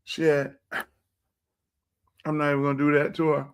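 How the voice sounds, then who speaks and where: A man's voice: a little high, monotone, moderate pace, clear, resonant tone. A man hosting a casual livestream chat, rambling on in a loose, chatty way while he eats. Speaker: show host.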